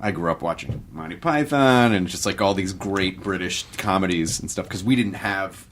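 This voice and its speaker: A man's voice: low voice, moderate pace, a bit bright, slight background noise. A man with an American accent hosting a podcast, rambling and joking casually with his guest. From United States. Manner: jokey, conversational, rambling. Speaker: podcast host. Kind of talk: casual chat.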